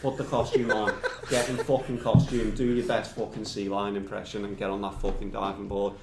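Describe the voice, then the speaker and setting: A raging park boss spits out curses and orders, as a man puts him on while telling a story. The voice sits fairly low and rings in an echoey room. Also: completely flat delivery, a little fast, very noisy, close to an everyday voice. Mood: furious. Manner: shouting, heavy swearing, bullying. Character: furious swearing man running a sea-life park.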